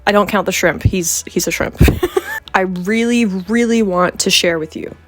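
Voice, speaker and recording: A woman's voice: mid-range voice, a little slow, soft background music. A young woman from Canada, a vlogger chatting playfully to camera with joking asides. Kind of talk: casual chat to camera.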